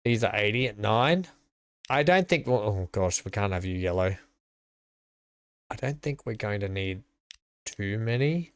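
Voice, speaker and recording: A man's voice: fairly low pitch, expressive, a little slow, pauses often, clean tone, no echo. An Australian man chatting casually to his live-stream viewers while playing, rambling and greeting them by name.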